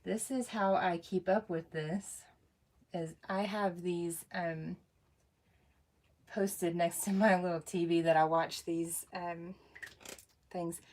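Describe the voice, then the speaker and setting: A woman's voice: on the low side, steady tone, slow, pauses often, a little mellow. A woman, hosting a casual craft livestream, bubbly, laughing often and greeting viewers by name. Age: 40s.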